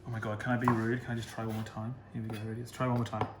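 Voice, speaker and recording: A man's voice: fairly low pitch, little pitch movement, racing, echoey room, very noisy. A man giving a casual cooking demonstration, chatty and self-deprecating, joking about his own slips.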